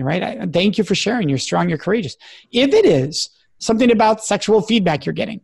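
A man with a notably high speaking voice, earnest and emphatic. He talks as the guest in an interview, laying out advice point by point. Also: animated, fast, vocal fry, slightly rough. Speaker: guest expert. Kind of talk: interview conversation.

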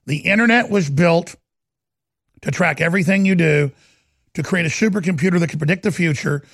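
A talk show host with a high, gravelly male voice and an urgent, hammering delivery. He rants in a dry, close sound and then pushes straight into a product pitch. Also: a bit bright, no room sound. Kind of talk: ranting talk show monologue and ad read.

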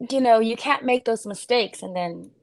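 Woman, podcast co-host, animated storyteller, somewhat high voice. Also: normal speed, creaky. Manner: animated storytelling, acts out shouting. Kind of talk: casual sports chat.

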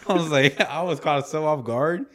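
A man's voice: on the high side, moderate pace, fairly bright tone. A man co-hosting a podcast, telling a story in a rambling way with lots of "like"s and acted-out quotes. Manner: rambling, many "like"s, laughs a lot, acts out quotes. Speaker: podcast co-host. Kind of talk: casual storytelling chat.

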